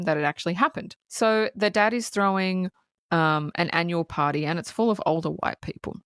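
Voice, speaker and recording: A woman co-hosting a podcast, excitedly retelling a film in casual chat, swearing and saying "like" a lot. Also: fairly low pitch, no room sound, studio quality. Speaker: podcast co-host. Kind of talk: casual movie recap.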